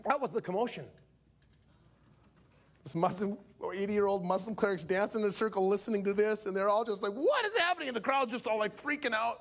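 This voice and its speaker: High-voiced preacher telling a story. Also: male voice, a little fast. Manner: animated, acts out each character's lines. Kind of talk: storytelling sermon.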